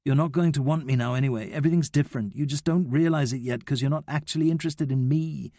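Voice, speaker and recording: Man putting on a young boy, angry and strained, raised pitch, shouting in an audiobook. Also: fast talker, no echo, studio quality, close to an everyday voice. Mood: bitter. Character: upset angry boy, a best friend.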